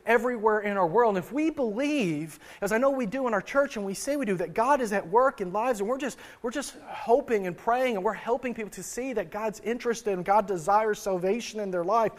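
A pastor preaching a sermon to his church, earnest, often repeating and restarting words, and swinging his loudness for emphasis. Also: sits high, fairly quick, hardly any pauses.

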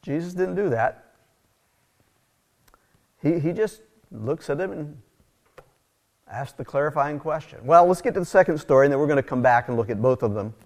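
A middle-aged man preaches in a relaxed, conversational way, slipping into storytelling and casual asides. His voice sits a little high, and he talks with lively energy. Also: moderate pace, long pauses. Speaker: pastor. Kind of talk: conversational sermon.

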